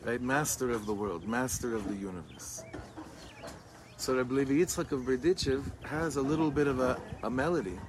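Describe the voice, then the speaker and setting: A middle-aged man, a rabbi, gently leading a guided meditation outdoors and chanting a melody, speaking in a halting way as he searches for words. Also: mid-range voice, background noise. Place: outdoors among greenery with birds. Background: birdsong and music.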